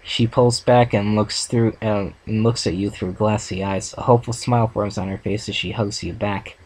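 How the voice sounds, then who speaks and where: A man reading a second-person fan story aloud for a reaction video, steady with small restarts. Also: on the low side, moderate pace, slight background noise, poor audio. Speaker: fan fiction reader.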